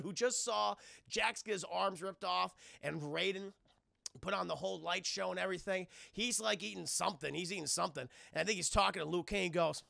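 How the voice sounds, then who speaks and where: A young adult man recapping a film on a live stream in a casual, animated, profane way, talking to his chat. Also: high-pitched, gravelly, dry recording.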